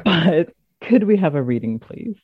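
A woman's voice: fairly low pitch, sing-song, measured pace, breathy edge, no echo, phone-quality sound. A woman hosting a podcast, chatting casually in a self-mocking, giggly way. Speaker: podcast host. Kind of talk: casual chat.

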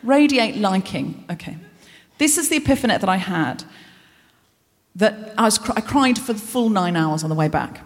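Woman comedy host doing live stand-up, self-deprecating and anxious, mid-pitch voice, long hall reverb. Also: expressive, moderate pace. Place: large concert hall stage.

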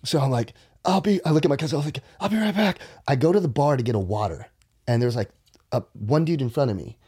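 A man's voice: fast talker, breathy edge. Guy on a podcast telling a wild story, swears a lot, voice goes way up when he quotes people and down to a whisper. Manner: animated, profane, drops into whispers and high quoting voices. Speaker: podcast guest. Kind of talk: casual storytelling.

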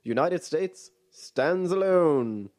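A man voicing an old-timey male radio newsreader who reads out bulletins in clipped headlines, his voice pitched well above his own. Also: lively intonation, very slow, darkish tone. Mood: announcing.

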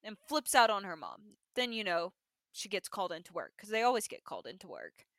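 A woman's voice: medium pitch, fairly quick, no room sound. A young woman co-hosting a podcast, animatedly recapping a TV episode in casual chat, peppering her story with "like". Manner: animated storyteller, heavy use of "like". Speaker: podcast co-host.

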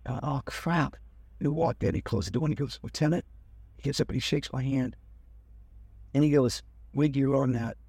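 A man's voice: mid-range voice, fairly even intonation, a little fast, mellow, breathy edge, no room sound. An older man telling a rambling personal story in casual talk, acting out the people he quotes. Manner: rambling, acts out quoted officers. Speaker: guest telling his life story.

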